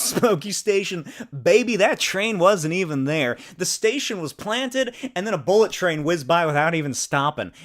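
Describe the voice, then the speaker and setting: A man's voice: a little high, a bit bright. A man hosting a comics livestream, giggly and joking in casual chat, swearing casually. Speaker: comics channel host.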